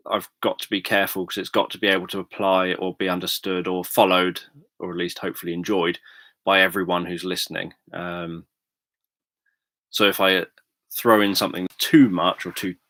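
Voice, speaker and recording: A British man chatting calmly on a livestream, explaining things in a measured, thoughtful way with frequent pauses and ums. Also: low-pitched, no echo. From Britain. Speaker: livestream host, sleep story narrator. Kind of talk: casual livestream chat.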